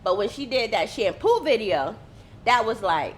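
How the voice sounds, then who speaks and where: Animated woman explaining marketing. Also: fairly high pitch, moderate pace. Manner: animated, acts out quotes. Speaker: host. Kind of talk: casual marketing talk.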